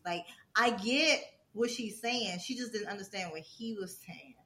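Animated woman telling stories in a roomy space. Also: mid-range voice, a little slow, few pauses. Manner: animated storytelling, acting out quoted people. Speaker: podcast co-host. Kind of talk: casual chat.

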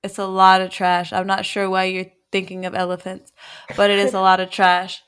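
A woman co-hosting a podcast in casual chat, measured and reflective, drawing out her phrases. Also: medium pitch, completely flat delivery, fairly bright tone, smooth. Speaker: podcast co-host.

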